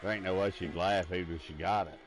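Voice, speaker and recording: A man co-hosting a casual gaming video, joking in a goofy, deadpan way and swearing freely. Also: deep voice, fast talker.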